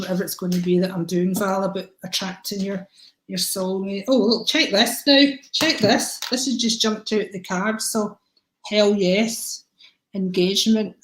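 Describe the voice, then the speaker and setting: A woman's voice: medium pitch, a little hiss or hum. A woman doing a live-stream card reading, chatty and affectionate, calling viewers by name. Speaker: psychic card reader. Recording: echoey room.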